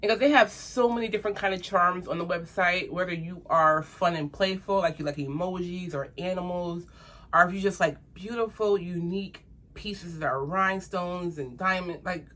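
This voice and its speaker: Young woman, lower voice, excitable casual unboxing vlogger. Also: moderate pace. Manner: gushing, excitable, addresses viewers as "you guys". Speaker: jewelry reviewer vlogger.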